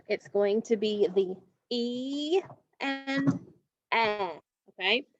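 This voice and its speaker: Slow, careful woman teaching phonics. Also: on the high side, no echo. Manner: slow, careful, drawn-out word modeling. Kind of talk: recorded phonics lesson for children. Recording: dull, dry, lo-fi home recording.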